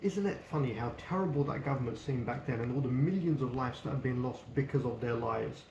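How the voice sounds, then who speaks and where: Guy doing a blunt sweary book review, gravelly voice, echoey room with a bit of hiss. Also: medium pitch, fairly quick, darkish tone, lo-fi sound. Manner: blunt and opinionated, swearing freely. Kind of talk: casual spoken book review. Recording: echoey room with faint background noise.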